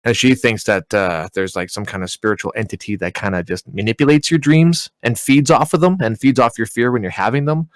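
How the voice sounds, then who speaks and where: A man's voice: mid-range voice, brisk, hardly any pauses, no echo. Rambling man telling a story. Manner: rambling, full of "like" and "you know". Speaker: podcast co-host. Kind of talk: casual storytelling.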